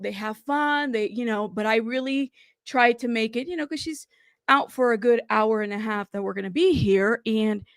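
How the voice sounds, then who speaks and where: A woman hosts a casual live stream, talking straight to her chat in a fairly high, gravelly voice. She rambles warmly, apologizes, and keeps thanking viewers. The sound is dry and close, with no room echo. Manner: chatty and apologetic, often thanking chat and saying "y'all".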